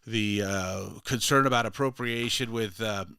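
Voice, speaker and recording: A man's voice: lowish voice, moderate pace, bright, forceful tone, smooth, no room sound. An older man hosting a morning radio talk show, chatting casually and telling stories. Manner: chatty, tells stories with quoted voices. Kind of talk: casual on-air chat.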